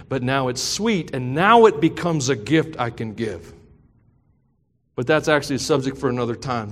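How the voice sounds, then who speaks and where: A middle-aged man preaching a sermon, telling a personal story that builds into impassioned preaching. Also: fairly high pitch. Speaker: pastor. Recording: long hall reverb.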